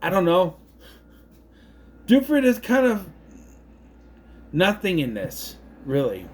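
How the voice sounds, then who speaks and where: A man giving a casual, rambling film review, full of puzzled asides and quick mocking impressions. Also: sits high, huge pitch swings, a little hiss or hum.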